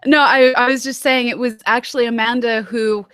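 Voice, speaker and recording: Chatty lady host from massachusetts, kinda high voice, quick jokes. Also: steady tone, fairly bright tone, clean tone, dry recording. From Massachusetts, USA. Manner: chatty, quick to joke and interject. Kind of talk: casual conversation.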